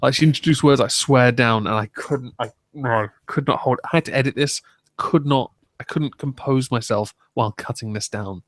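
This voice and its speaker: A man's voice: medium pitch, a little fast, no room sound. Wry sweary man, dry close sound. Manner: wry, swears freely, laughs often. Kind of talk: casual chat.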